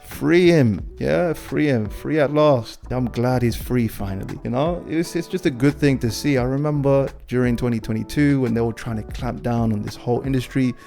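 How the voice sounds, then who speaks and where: Animated man riffing on crypto news. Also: mid-range voice, moderate pace, vocal fry, hardly any pauses, faint music behind. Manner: animated, repeats himself, keeps saying "guys". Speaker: crypto channel host. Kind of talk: casual commentary on news.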